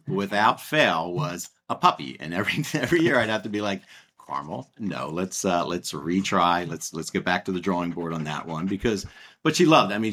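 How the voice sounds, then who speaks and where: A middle-aged man co-hosting a podcast, telling a family story in a relaxed, chatty way with plenty of fillers. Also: lowish voice. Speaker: podcast co-host. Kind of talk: casual podcast chat.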